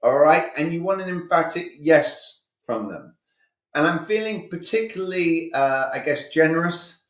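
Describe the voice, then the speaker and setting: A man's voice: on the high side, lively intonation, unhurried, roomy sound. A male communication coach giving a live online sales training, talking energetically and with emphasis, acting out sales dialogues.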